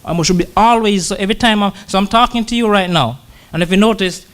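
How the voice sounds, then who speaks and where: Man, sermon, conversational, frequent pauses, repeated words, slow scripture reading, higher voice. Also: fairly bright tone, smooth. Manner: pauses often, repeats words, laughs lightly; slows to read scripture. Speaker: church brother preaching.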